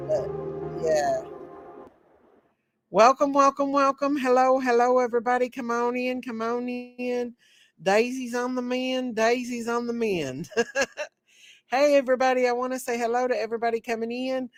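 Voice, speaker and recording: A woman hosting a casual livestream while sick and short of breath, greeting viewers by name in slow, drawn-out, sing-song repeats. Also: on the high side, faint music behind. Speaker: livestream host.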